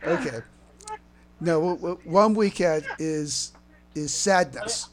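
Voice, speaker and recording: A man's voice: on the high side, expressive. A man in a casual group chat about writing who stammers and restarts as he talks. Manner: halting, stammering.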